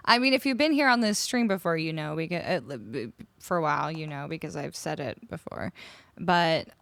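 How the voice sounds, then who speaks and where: A woman from Canada chats with her live viewers in a lively voice that swings up and down, laughing as she goes. She sits close to a studio mic, and the sound is dry and close. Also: low voice, normal speed, gravelly, dry recording. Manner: chatty, laughs often, muses over word pronunciations. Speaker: streamer. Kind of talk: casual chat with live viewers. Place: home streaming room. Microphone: studio microphone up close.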